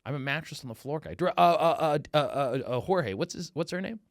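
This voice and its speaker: A profane, animated male comedian riffing on his podcast. His pitch sits a bit high and swings widely as he mocks and exaggerates. The sound is dry and close. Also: brisk, dry recording. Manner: profane, animated, mocking put-on quotes. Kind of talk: casual comedic rant.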